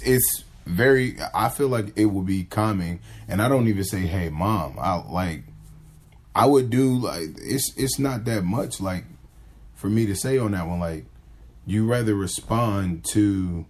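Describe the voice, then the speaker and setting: Deep-voiced guy rambling on his podcast, lots of "like" and restarts. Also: slow, a little mellow. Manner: acts out pickup lines in a livelier voice. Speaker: podcast host. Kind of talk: casual monologue.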